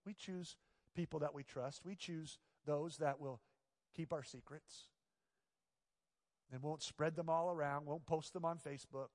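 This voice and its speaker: Male pastor, sermon, storytelling delivery, emphatic repetition, high voice, long reverb.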